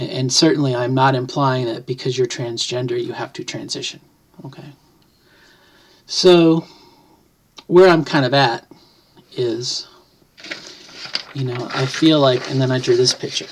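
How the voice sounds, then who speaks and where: A middle-aged trans woman talking to camera at home, thoughtful and rambling, with many restarts and wry jokes. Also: a bass voice. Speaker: vlogger. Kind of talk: casual to-camera talk. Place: home, at a computer desk.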